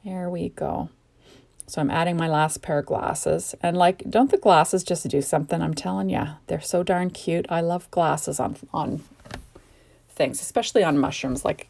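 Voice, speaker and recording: This card-making crafter, a middle-aged woman from Canada, speaks with a fairly low, warm voice touched by vocal fry. Yawning and sleepy, she gushes chattily through her home crafting tutorial, wandering off on tangents.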